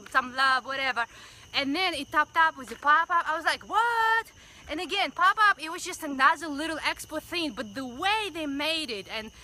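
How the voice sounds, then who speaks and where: A woman hosting a Facebook Live stream, chatting excitedly with viewers and leading a prayer of thanks. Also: sits high, a little hiss or hum, poor audio. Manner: excited, gushing, greets viewers by name. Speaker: community livestream host. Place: outdoors by a building, livestreaming. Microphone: phone livestream.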